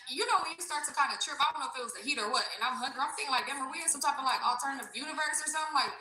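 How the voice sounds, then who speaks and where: A woman with a very bright, high-leaning voice tells a story at a quick clip on a livestream. She talks slangy and profane, and she acts out the people she describes. The room sounds echoey, with a faint ambient hum behind her. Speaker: livestream host. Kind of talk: casual storytelling.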